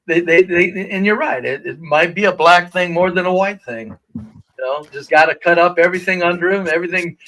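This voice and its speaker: Poor audio carries a high, sharp male voice going a little fast. He's a regular guest on a livestream, chatting casually in a rambling, profane way and restarting often.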